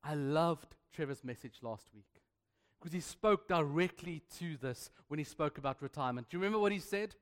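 A man's voice: on the high side, fairly quick, big-room sound. A man preaching a sermon as pastor, emphatic and playful, with repeated refrains and asides to the congregation. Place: church hall.

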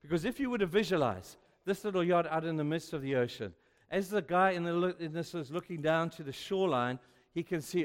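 A male pastor preaching a sermon, telling stories with sudden swings between hushed and loud. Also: fairly high pitch, animated, a little fast. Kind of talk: sermon with storytelling. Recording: long reverb of a large hall.

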